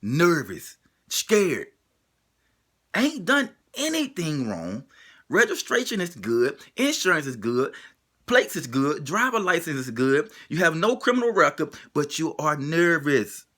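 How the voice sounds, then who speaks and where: Man, emotional spoken monologue, repeated rhetorical questions, bright forceful tone, swooping pitch. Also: big pitch swings, unhurried.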